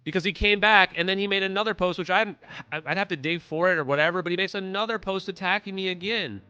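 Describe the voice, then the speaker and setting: Stream host, male, bright and somewhat high voice, profane and dismissive, casual rant with synthwave music faintly under it. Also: fast talker, clear, resonant tone, highs cut off. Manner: profane, dismissive, talks straight to chat. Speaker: livestream host.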